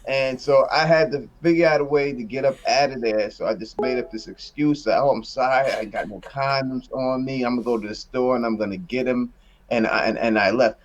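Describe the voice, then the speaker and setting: A man's voice: mid-range voice, fairly quick, lo-fi sound. A man hosting a casual online chat, telling crude stories with plenty of swearing and laughter. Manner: boisterous, swears freely, laughs through stories. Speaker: podcast host.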